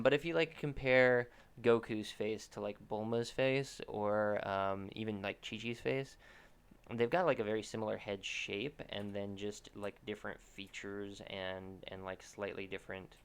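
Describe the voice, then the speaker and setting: Gravelly low-voiced man musing while drawing. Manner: rambling, thinking aloud with many restarts. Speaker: artist streaming a drawing session. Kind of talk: casual commentary while drawing.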